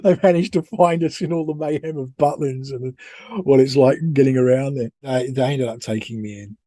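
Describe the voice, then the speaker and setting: A man's voice: medium pitch, steady tone, normal speed, warm tone, dry recording. British man telling a rambling story. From United Kingdom. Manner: rambling, self-deprecating, many restarts. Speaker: podcast co-host. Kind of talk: casual storytelling.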